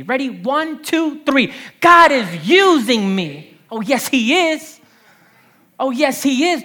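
Woman preacher in her thirties, New Jersey accent, a bit high-pitched, lively call-and-response sermon. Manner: lively preaching with call-and-response, quick laughs and repeated phrases. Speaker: pastor.

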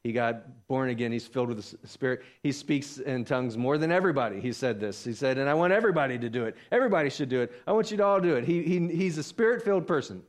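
A man preaching a sermon, animated and acting out the voices of the people he talks about. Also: mid-range voice, fast talker, hardly any pauses. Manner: animated, acts out voices of biblical figures. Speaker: pastor.

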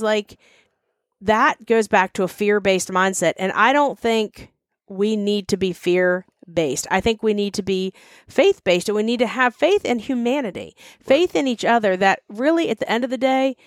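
A chatty woman with a Mid-Atlantic American accent co-hosts a podcast, talking emphatically to her listeners. Her voice sits at an ordinary pitch and sounds dry and close, with no room around it. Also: no room sound. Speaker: podcast co-host. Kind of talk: casual podcast chat.

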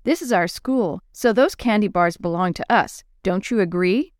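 A woman's voice: medium pitch, moderate pace, no echo, studio quality, close to an everyday voice. A woman voicing a sly, pushy schoolboy ringleader in a storybook reading. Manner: coaxing, pushy.

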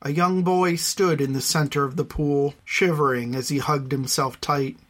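An audiobook narrator reading a fantasy story in a measured, even storytelling voice. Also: mid-range voice. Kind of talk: scripted narration.

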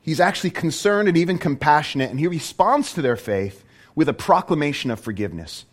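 A man preaching a sermon in a fairly high voice that rises and falls widely. He talks in an animated way and keeps putting questions to his listeners. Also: a little fast. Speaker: pastor.

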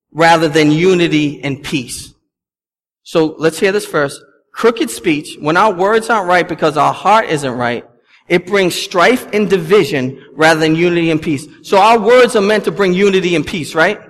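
A man's voice: high-pitched, a bit bright. Man preaching in a reverberant church. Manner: conversational, emphatic preaching with asides to the congregation. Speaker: pastor. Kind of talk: sermon. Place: church sanctuary. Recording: long reverb from a church hall.

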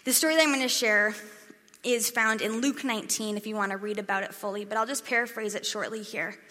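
A woman's voice: medium pitch, quick pace. Chatty young woman preaching. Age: young adult. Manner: chatty, animated, acts out crowd voices. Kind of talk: casual sermon. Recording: echoey hall reverb.

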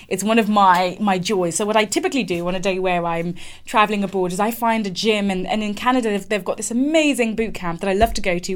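A woman, candidly telling a personal story in a reflective way, with frequent fillers and restarts. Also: mid-range voice. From England. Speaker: speaker sharing a personal story.

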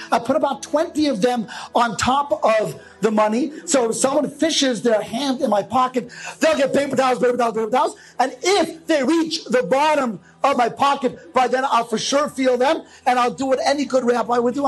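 High-voiced man telling a funny story. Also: normal speed, hardly any pauses, rough recording. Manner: humorous, lively storyteller, often laughing. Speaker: rabbi. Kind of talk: storytelling monologue.

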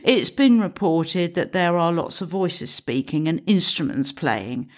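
A woman's voice: fairly low pitch, lively intonation, unhurried. A woman voicing a nervous young male police officer who stammers and apologizes. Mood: sheepish.

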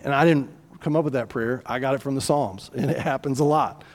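A man's voice: medium pitch, quick pace, hardly any pauses. Man preaching in a reverberant hall. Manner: conversational, folksy, with asides and restarts. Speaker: pastor. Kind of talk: sermon.

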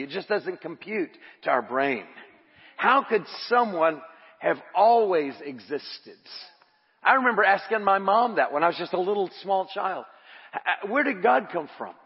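Male pastor, husky and high, fervent sermon delivery, muffled reverberant church sound. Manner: impassioned, rising to shouts. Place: church sanctuary.

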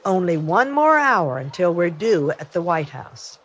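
An older woman reading the lines of a strict, fussy male schoolteacher in a brisk, bossy way. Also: fairly low pitch, very animated, husky, heavily acted.

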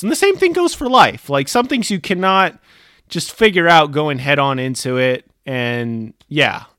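A young adult man telling a personal story in a chatty, animated way, full of casual fillers. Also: a little high, dry recording, clean studio sound.

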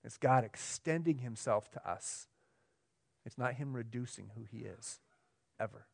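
A pastor preaching a sermon, swinging between emphatic, raised lines and quiet, low ones, often checking in with the congregation. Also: male voice, measured pace, creaky. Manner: asks the room questions, conversational.

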